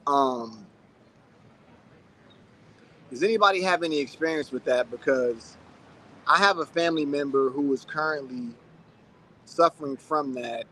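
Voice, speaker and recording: A man's voice: medium pitch, unhurried, long pauses, pushed and bright. A man in his thirties hosting a casual livestream, chatting loosely and reading out viewer comments. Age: 30s. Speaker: channel host.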